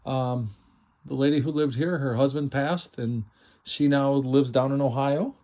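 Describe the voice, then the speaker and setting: A man's voice: medium pitch, unhurried, a little mellow. A middle-aged man hosting a casual, enthusiastic walkthrough of a house before an estate sale, chatty and self-deprecating. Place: inside a house, walking through rooms.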